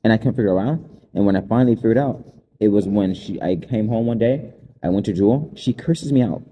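Rapid-talking man with a dark, lower voice. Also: husky. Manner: rambling and aggrieved, jumping between events. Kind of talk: unscripted personal monologue.

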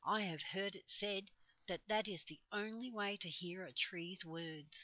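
A woman's voice: mid-range voice, a little slow, pushed and bright, no echo, poor audio. A woman voicing a small, helpful red squirrel in a storybook reading, with an anxious, confiding manner. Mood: urgent.

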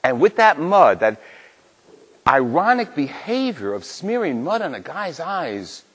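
A man's voice: on the high side, big pitch swings, a little slow, a bit bright, husky. An older man, a Catholic priest, preaching a Sunday homily in a church and telling a story with acted-out dialogue. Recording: long church reverb.

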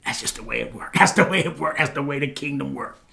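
A man preaching a sermon as pastor, swinging between loud exclamations and quiet asides and asking his listeners questions. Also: medium pitch, fast, vocal fry.

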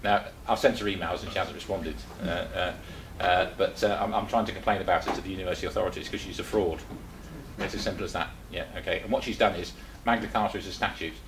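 A man's voice: low voice, steady tone, fast talker, fairly bright tone, reverberant, a little hiss or hum, low-quality recording. An older man from England giving a chatty talk to a small group, full of rhetorical questions and restarts. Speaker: presenter. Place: meeting room.

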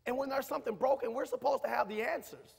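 A man, preaching a sermon in a church, who repeats himself and rises to shouts. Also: extremely high pitch, quick pace, creaky, breathy edge. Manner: preaching, rising to shouts, talkative, repetitive. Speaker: minister. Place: church sanctuary. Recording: reverberant church hall.

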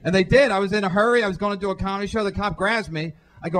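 Working a comedy club stage with a handheld mic, this Irish-American man delivers a profane stand-up set, peppering it with quick remarks to the crowd. His voice is high, and there's slight background noise.

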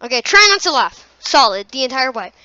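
A woman's voice: high voice, big pitch swings, fairly quick, pushed and bright, no echo. A woman YouTuber giving goofy, playful reaction commentary, teasing and mock-challenging her viewers. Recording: dull lo-fi sound.

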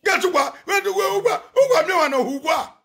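A Nigerian man on a phone live video, ranting and chanting loudly, often shouting and switching between Pidgin and local languages. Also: extremely high pitch, expressive, fairly quick, creaky. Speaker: social media personality on a live video. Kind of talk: animated live-stream rant and chanting.

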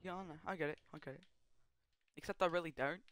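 A young man chatting casually on a gaming livestream, joking and rambling with quick laughs. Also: a little high, a bit bright, a little hiss or hum. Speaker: streamer.

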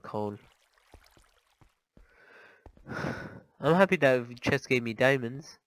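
A man giving casual, chatty commentary over his gameplay, easily startled and quick to panic. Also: mid-range voice, expressive, fairly bright tone, dry recording, poor audio. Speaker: gaming channel host.

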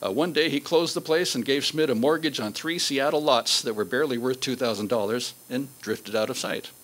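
A man giving a local history talk, reading old newspaper quotes aloud in a measured way with fillers. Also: mid-range voice, fairly bright tone, rough recording.

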